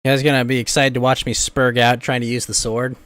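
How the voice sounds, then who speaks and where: A man's voice: medium pitch, level tone, fast talker, fairly bright tone, smooth, no echo. A man hosting a streamed podcast, joking around and answering his chat. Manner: playful, reads and answers chat.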